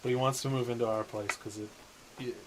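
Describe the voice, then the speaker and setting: A man's voice: medium pitch, fairly even intonation, fast talker, a little hiss or hum. A young man, co-hosting a casual podcast chat and telling stories with lots of swearing. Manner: swearing, storytelling with quoted exchanges. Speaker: podcast co-host. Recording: music playing behind. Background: music.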